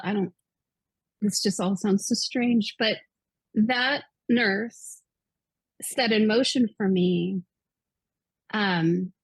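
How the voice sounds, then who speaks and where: A woman's voice: medium pitch, dry recording, low-quality recording. A woman in her fifties, a guest author, earnestly retelling a personal story with quoted dialogue. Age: 50s.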